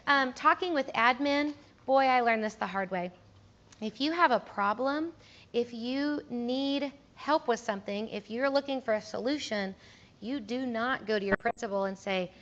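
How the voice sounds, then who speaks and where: A young woman music teacher talks casually to a room of fellow teachers. Her voice sits a little high, and she chats along, laughing often and slipping into voices for the people she quotes. The recording is dull and lo-fi. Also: moderate pace, a bit bright. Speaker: music teacher speaking at a conference session. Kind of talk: casual conference talk with anecdotes.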